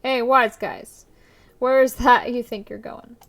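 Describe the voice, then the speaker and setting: A woman voicing a rude, grumpy male motel clerk with a put-on New York-style accent, gruff and sneering. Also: on the high side, fairly even intonation, slow.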